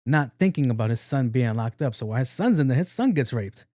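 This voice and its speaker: A man's voice: medium pitch, lively intonation, fast, warm tone, no echo, clean studio sound. A man hosting a podcast, retelling a story in a loose, slangy, profane way. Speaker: podcast host. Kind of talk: casual film recap storytelling.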